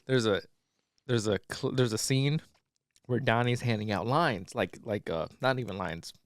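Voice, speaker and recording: In a dry recording, a male podcast co-host talks at a normal speed in a mid-range voice. The casual, rambling conversation is packed with fillers and swearing.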